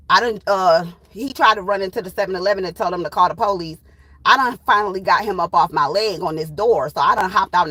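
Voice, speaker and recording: A woman in her thirties, a tarot channel host, telling a personal story in a blunt, profane, animated way. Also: mid-range voice, dry recording, rough recording. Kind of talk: casual storytime.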